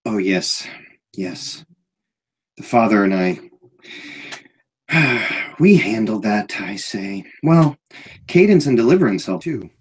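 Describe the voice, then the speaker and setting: A man voicing a large, childlike, zealous man guard who talks in an excited, eager, oddly fervent way in a tabletop role-play. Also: lowish voice, takes it slowly, pauses often, breathy edge, heavily acted, rough recording.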